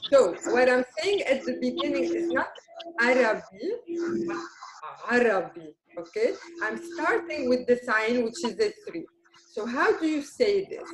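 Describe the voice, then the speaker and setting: A woman's voice: high voice, expressive, normal speed, crowd noise. Encouraging woman teaching Arabic. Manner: patient and encouraging, checks in with "okay?" constantly. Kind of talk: beginner language lesson. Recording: roomy room with faint noise.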